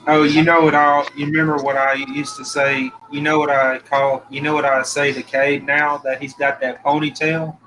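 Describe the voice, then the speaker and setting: A man's voice: a little high, little pitch movement, moderate pace, hardly any pauses, pushed and bright, slight background noise, poor audio. A man hosting a casual livestream chat, laughing often and circling back over his words while telling a joke. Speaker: livestream host.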